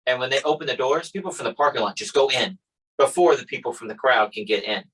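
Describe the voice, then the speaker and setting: Male podcast host, husky, lively storyteller who voices the people in his stories. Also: medium pitch, fast talker, rough recording. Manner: animated storyteller, acts out quotes. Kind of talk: casual chat.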